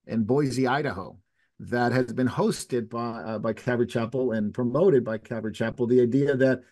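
Man, show host, casual chat, conversational, frequent restarts, mid-pitched. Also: moderate pace, a little mellow. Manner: conversational, many restarts and fillers. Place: Latin America.

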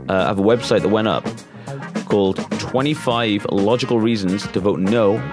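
A man co-hosting a podcast in crude casual banter, joking and swearing freely. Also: moderate pace. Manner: jokey, swears freely, slips into squeaky silly voices. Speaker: podcast co-host. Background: music.

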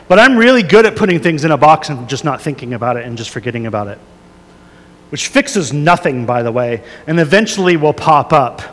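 A man in his thirties preaching a sermon, earnest and confessional, shifting from soft prayer to emphatic storytelling. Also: a little high, very animated, brisk, in a large hall. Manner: earnest, confessional, many fillers and restarts, soft prayerful then rising emphatic. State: a little emotional. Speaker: pastor.

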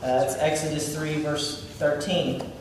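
A man's voice: fairly high pitch, flat delivery, unhurried. A man leading an informal Bible teaching, speaking conversationally with many fillers and restarts. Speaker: Bible study leader. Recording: distant mic in an echoey hall, faint room noise.

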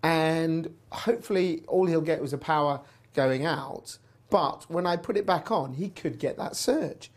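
A man's voice: a little high, measured pace. A man hosting an energy news show, telling a personal story in a chatty way and acting out the dialogue he quotes. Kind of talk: chatty commentary and anecdote.

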